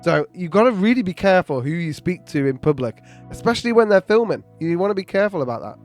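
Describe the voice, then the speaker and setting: A British man talks through a reaction video in a relaxed, opinionated way. His voice sits a little high for a man. Faint music plays under his voice. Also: quick pace. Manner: casual, opinionated, laughs along. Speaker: commentary host. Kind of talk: reaction commentary.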